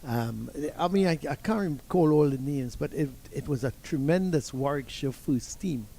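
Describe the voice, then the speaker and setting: A man's voice: fairly high pitch, lively intonation, moderate pace, mellow. An older man with a Trinidadian accent, commentating cricket and telling long rambling stories with restarts. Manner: rambling anecdotes with many restarts.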